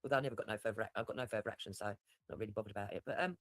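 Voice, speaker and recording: A fast-talking man chats on his own livestream, rambling from story to story and swearing without a second thought. His voice sits close and dry, with no room around it. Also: fairly low pitch, fairly bright tone, dry recording. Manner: rambling, swears freely, laughs at himself. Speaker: livestream host. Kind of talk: casual livestream chat.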